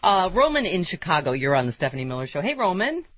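A woman hosting a call-in radio talk show, chatty and animated, taking calls. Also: lowish voice, quick pace, no echo, dull audio. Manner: animated, chatty, laughs easily. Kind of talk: casual call-in radio chat.

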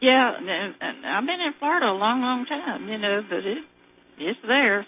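A woman's voice: fairly high pitch, animated, normal speed, slight background noise. Older Southern woman rambling on call-in radio. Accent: Southern American. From southern United States. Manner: rambling storyteller, laughs often. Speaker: caller. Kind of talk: casual phone-in chat. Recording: muffled radio phone-in.

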